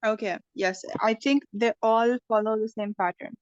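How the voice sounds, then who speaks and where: A woman's voice: on the high side, fairly even intonation, moderate pace, no echo, dull audio. A woman teaching an online English class, explaining patiently and checking in with "okay".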